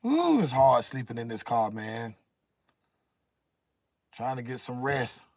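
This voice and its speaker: A man speaks to his livestream viewers from inside a car, sounding exhausted and close to tears. His voice sits at an ordinary middle pitch and his talk is loose and full of slang. The sound is dry and close, with no room echo. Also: huge pitch swings, takes it slowly, a little mellow. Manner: tired, weary slang-heavy talk. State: exhausted, tearful. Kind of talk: casual livestream chat with viewers.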